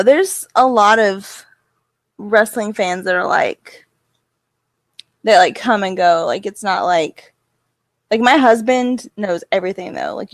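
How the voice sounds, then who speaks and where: A woman co-hosting a podcast, relaxed and agreeable, laughing often. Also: mid-range voice, no echo. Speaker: podcast co-host. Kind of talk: casual chat.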